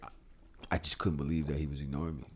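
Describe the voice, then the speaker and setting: A man hosting a podcast in casual chat, telling stories in a blunt, animated and profane way. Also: rumbling low, fast talker. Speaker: podcast host.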